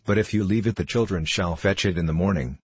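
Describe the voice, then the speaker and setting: A man voicing a cold, quietly scornful miner's wife. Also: low voice, fast talker, husky, no room sound. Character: cold, weary miner's wife, middle-aged woman.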